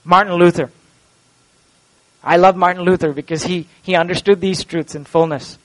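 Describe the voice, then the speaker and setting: A man preaching an Easter sermon in a church and leading a closing prayer, impassioned and swinging from loud to hushed. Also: sits high, steady tone, normal speed, low-quality recording. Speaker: pastor. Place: church sanctuary.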